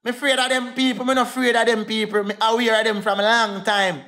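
A man's voice: very high-pitched, little pitch movement, fast talker, bright, forceful tone. A young Jamaican man in a heated livestream rant, defiant and repetitive, calling out to his viewers.

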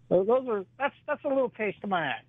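Male stand-up guest on a phone interview, slightly high voice, halting delivery, dry thin line. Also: no echo, phone-quality sound. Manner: halting, filler-heavy delivery with chuckles between jokes. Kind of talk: telling a stand-up bit in an interview.

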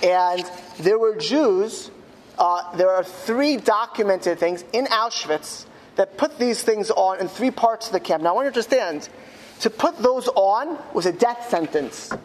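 A man, a rabbi, telling a story in a speech to school students. He slows down emphatically on key words. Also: sits high, lively intonation, long reverb tail. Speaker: rabbi giving a talk at a school. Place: school hall.

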